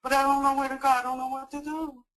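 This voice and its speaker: A woman's voice: high voice, level tone, fast talker, fairly bright tone, low-quality recording. A woman acting in a training role-play as a frightened woman fleeing an abusive partner, tearful and repeating herself. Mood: panicked.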